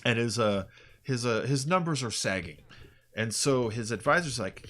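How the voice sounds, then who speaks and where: A man's voice: mid-range voice, moderate pace, bright, forceful tone. A man hosting a gaming stream, chatting casually and rambling with hesitant fillers. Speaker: streamer host. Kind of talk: casual chat while gaming.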